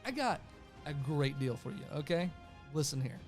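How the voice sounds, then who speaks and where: A man's voice: on the high side, sing-song, moderate pace, soft background music. A man voicing a smug male inquisitor who talks like a pushy salesman. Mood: wheedling. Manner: wheedling salesman patter. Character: smug male inquisitor making a sly offer.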